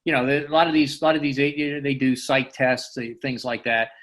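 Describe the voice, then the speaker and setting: A man's voice: mid-range voice, level tone, fairly quick, fairly bright tone. A man speaking as an interview guest, a former FBI agent who answers thoughtfully and often repeats words as he thinks. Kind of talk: casual interview chat.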